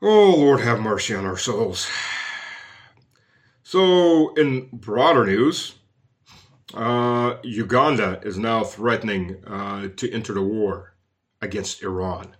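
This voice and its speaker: A man's voice: medium pitch, animated, measured pace, a bit bright. A man giving sarcastic, mocking political commentary, full of "uh" fillers and sardonic asides.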